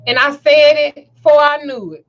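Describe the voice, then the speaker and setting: A high-voiced woman tells a story full of cursing and laughter, acting out each quote herself. The sound is dull and lo-fi. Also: normal speed. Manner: profane, animated storyteller who laughs often and acts out quotes. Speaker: host. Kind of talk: casual storytelling chat.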